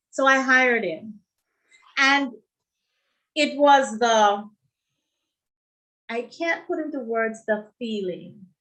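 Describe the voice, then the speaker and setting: A middle-aged woman, a nurse telling her story as an interview guest in a heartfelt, animated way. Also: a little high, rough recording. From Jamaica. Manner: heartfelt, animated when quoting others.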